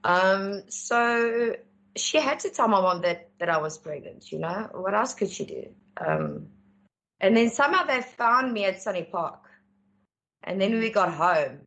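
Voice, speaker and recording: A woman telling her life story as an interview guest, candid and animated when she acts out dialogue. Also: mid-range voice, a little slow. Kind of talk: personal storytelling.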